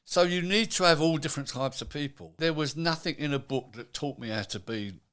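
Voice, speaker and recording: Fairly quick, a little high, and a bit bright, the older man's voice has a clean tone. A retired manufacturing executive and guest in a casual interview, he chats easily and acts out quoted dialogue.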